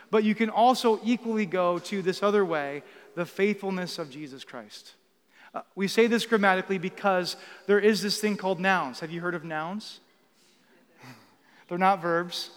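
A man's voice: high-pitched, fairly bright tone, smooth. A man preaching a sermon to a church congregation, teaching and asking questions, then building to emphatic passages. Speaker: guest preacher. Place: church sanctuary. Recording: long reverb of a church hall.

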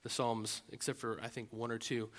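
A man, a pastor, preaching a sermon, swinging from loud emphatic lines to quiet, intimate asides. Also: mid-range voice, little pitch movement, moderate pace. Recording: long reverb of a large hall.

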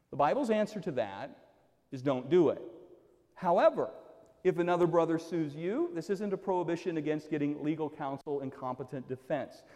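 Recorded in a large, reverberant space, this sermon comes from a man whose mellow voice delivers dramatic, emphatic preaching with big shifts in pitch and loudness.

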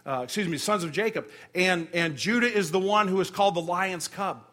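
A man's voice: sits high, brisk, fairly bright tone. A middle-aged man preaching a sermon as pastor, emotional and conversational, with humor and frequent restarts.

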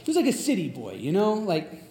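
High-voiced preacher in an echoey room. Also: male voice, huge pitch swings, brisk, vocal fry, warm tone. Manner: conversational, storytelling, many fillers. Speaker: pastor. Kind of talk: sermon.

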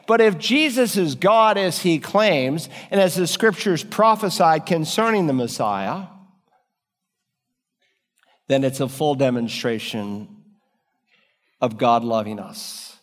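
A man delivering a sermon in a somewhat higher voice than most men. He preaches earnestly, stretching some phrases slowly and rushing others. His voice rings with the long reverb of a big hall. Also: lively intonation. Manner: earnest preaching with sweeping shifts in pace and emphasis. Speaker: pastor.

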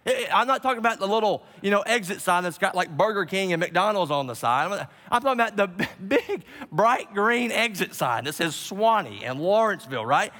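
A man preaching a sermon to his congregation, dropping low and slowing down on key words for emphasis. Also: expressive, sharp tone. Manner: preaching with dramatic drops in pitch and slowed emphasis. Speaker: pastor. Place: church sanctuary with a live congregation. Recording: long hall reverb.

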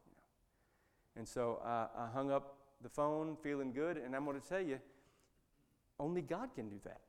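A man delivers a sermon in an easygoing, folksy way and wanders through his story. His voice sits at an ordinary middle pitch. It rings with long reverb, as if it was recorded in a large church hall. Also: measured pace, pauses often. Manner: folksy, rambling, with many restarts. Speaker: preacher.

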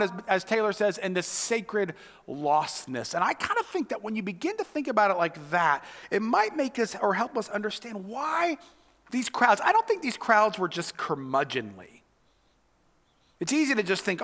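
A man pastor preaching a sermon, earnest, moving between loud emphasis and hushed whispers. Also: high voice, long reverb tail.

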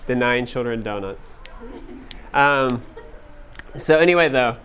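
A man's voice: medium pitch, slow pace, a bit bright, a little hiss or hum. A man in his thirties teaching a class, telling personal stories casually with lots of "like" fillers. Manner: casual, many "like" fillers, laughing at own stories. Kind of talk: storytelling talk to a class.

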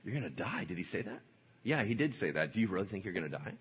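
A man's voice: on the high side, huge pitch swings, normal speed, gravelly, a bit bright, slightly rough, voice pushed up, exaggerated voice. A man voicing a sly, wheedling male serpent tempter who coaxes and insinuates in a sermon. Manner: insinuating, coaxing. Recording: dull lo-fi sound.

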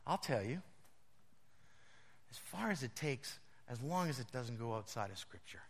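A male pastor preaching a storytelling sermon, animated and often laughing as he tells his stories. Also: medium pitch, normal speed, pauses often. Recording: long reverb of a large hall.

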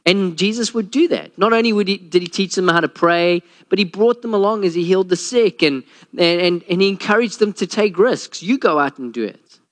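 Male pastor, sermon delivery, slightly high voice, animated storyteller. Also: brisk. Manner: storytelling, acts out quotes with a lowered voice.

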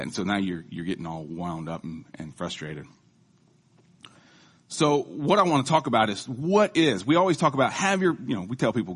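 A man's voice: on the low side, expressive, brisk, husky. A man giving a casual sermon in a conversational, joking, self-deprecating manner. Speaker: lay preacher.

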